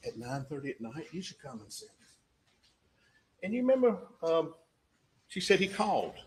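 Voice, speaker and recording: Emphatic prosecutor, higher voice. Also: male voice, sing-song, moderate pace, rough recording. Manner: emphatic, repeats points, rhetorical questions. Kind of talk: courtroom closing argument. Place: courtroom.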